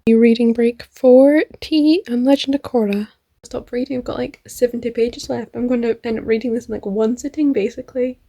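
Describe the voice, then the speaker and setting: A young woman with a high voice talks through her reading in a casual vlog. She gushes and chats, full of "like" and small giggles. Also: steady tone, brisk, mellow. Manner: gushing, chatty, many fillers and giggles. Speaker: book vlogger.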